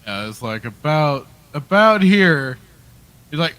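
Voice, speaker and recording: A man co-hosting a casual podcast chat, animated, acting out quoted reactions. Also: on the high side, takes it slowly. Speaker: podcast co-host.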